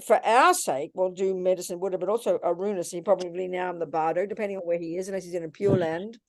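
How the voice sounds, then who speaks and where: A woman's voice: lowish voice, fairly even intonation, fast, a little mellow, no echo, studio quality. An older woman, a Buddhist nun, teaching in a question-and-answer session, blunt and scolding but calling people darling.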